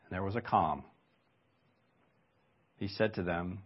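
A man's voice: low-pitched, takes it slowly, husky. Guy preaching a sermon, talks it through casual-like with lots of asides, a bit dull lo-fi sound. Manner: conversational preaching with rhetorical asides. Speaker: pastor.

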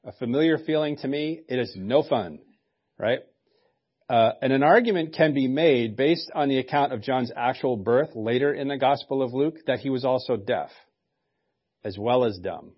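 A man's voice: medium pitch, normal speed, slightly rough, muffled recording. A male pastor preaching a sermon in a conversational way, with joking asides.

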